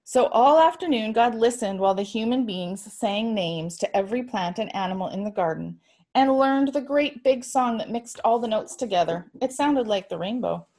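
A woman reading a story aloud in a measured storytelling manner. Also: a little high, animated, darkish tone.

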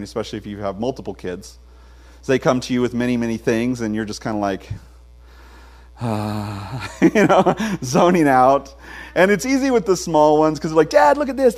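A man in his forties preaches in a church, his mid-pitched voice turning animated as he tells stories. He mixes humor into his sermon. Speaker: pastor. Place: church sanctuary.

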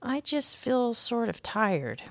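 Eager little boy in a storybook, high and curious, read by a woman. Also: very animated, slow, dry recording, full character voice.

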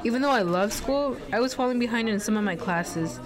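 A woman's voice: fairly high pitch, expressive, brisk, crowd noise, close to an everyday voice. A young woman voicing an earnest, worried seventeen-year-old girl who also narrates. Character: seventeen-year-old Mexican-American girl, responsible and stressed. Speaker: narrator and lead.

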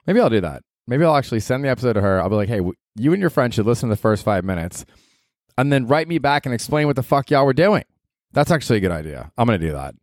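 A man's voice: fairly low pitch, dry recording, clean studio sound. A young man hosting his own podcast solo, telling rambling stories in a casual, profane way, laughing at himself and saying "dude" often. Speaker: podcast host.

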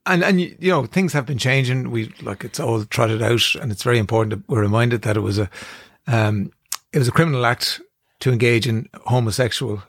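A man's voice: mid-range voice, a little fast, dry recording, clean studio sound. A man in his fifties with an Irish accent, hosting a radio talk show in casual chat. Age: 50s. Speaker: radio host.

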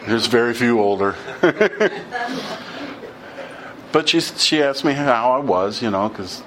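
A man's voice: medium pitch, moderate pace, a bit bright, a little hiss or hum. A middle-aged man giving an informal sermon, telling stories in a conversational way and acting out the dialogue. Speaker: preacher.

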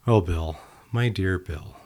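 A man voicing God, calm and gently scolding a man who refused help. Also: fairly low pitch, a little slow, full character voice. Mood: gentle. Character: patient, gently reproachful God.

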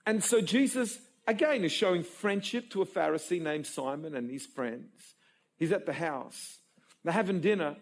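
Animated, husky-voiced man preaching. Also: high voice. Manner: emotional, animated storytelling with repeated stammered restarts. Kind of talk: sermon.

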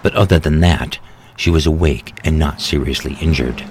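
Very deep-voiced man narrating a story. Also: normal speed, darkish tone, a little hiss or hum. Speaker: author reading his own story. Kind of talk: scripted narration. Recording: narration with music underneath.

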